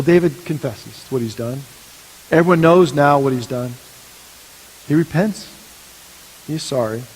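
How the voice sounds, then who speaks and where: Husky-voiced man preaching in a hall. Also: fairly high pitch. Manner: dramatic storytelling, dropping to a hush for emphasis. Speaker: pastor. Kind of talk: sermon. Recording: long reverb of a large hall.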